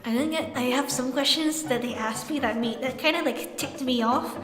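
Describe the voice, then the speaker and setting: A young woman from Saipan talks through an interview with a lively, exasperated edge. Her voice sits high. The room is echoey and has a long reverb, with music playing underneath. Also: moderate pace. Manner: animated, exasperated retelling. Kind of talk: casual interview answers.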